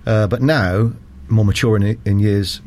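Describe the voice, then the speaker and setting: Measured older man. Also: lowish voice, fairly even intonation. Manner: measured, polite, chuckles softly. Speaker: cricket umpire guest. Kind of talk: casual interview answers.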